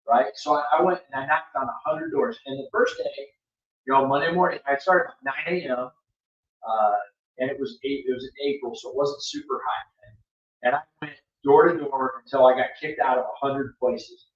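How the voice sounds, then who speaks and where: A man's voice: medium pitch, moderate pace, far from the mic, dull audio. Blunt, off-mic man in an echoey room. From Florida. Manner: blunt, emphatic, many restarts. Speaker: podcast host. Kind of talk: casual storytelling chat.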